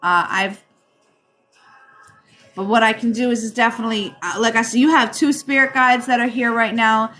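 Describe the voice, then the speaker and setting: Bright-voiced Rhode Island woman, chatty. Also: on the high side, steady tone, moderate pace, long pauses, soft background music. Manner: chatty, calls viewers darling, many ums. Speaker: psychic reader and livestream host. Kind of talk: live-stream chat and card reading.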